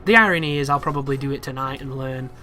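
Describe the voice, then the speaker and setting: Bright-voiced male gameplay commentator. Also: medium pitch, fast talker. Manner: chatty, with exasperated, animated asides about the game. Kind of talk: casual walkthrough commentary.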